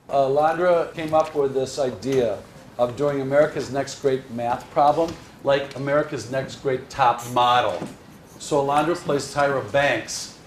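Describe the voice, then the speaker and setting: A man's voice: mid-range voice, slight background noise. A man who teaches elementary school, talking frankly and with energy about his class. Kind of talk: documentary interview and classroom teaching.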